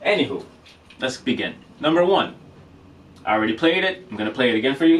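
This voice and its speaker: A man giving a casual drum lesson, relaxed and chatty, with many fillers and frequent checks of "okay?". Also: medium pitch, fast, long pauses. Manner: relaxed, filler-heavy, says "okay?" often. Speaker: drum teacher. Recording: distant mic with faint noise.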